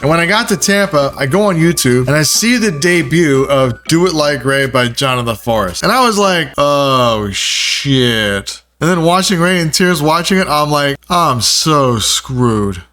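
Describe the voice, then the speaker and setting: A man's voice: a little high, fairly quick, hardly any pauses. A man narrating his own video in a casual, self-mocking storytelling voice. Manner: animated and self-mocking, jumps into playful quoted voices. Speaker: video creator.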